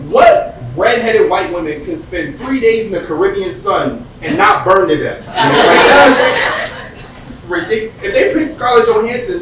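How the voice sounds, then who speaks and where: A man from the US East Coast doing a profane, conversational stand-up set and acting out characters. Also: high voice. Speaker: stand-up comedian. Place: comedy club stage with live audience. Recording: distant echoey club recording with audience noise.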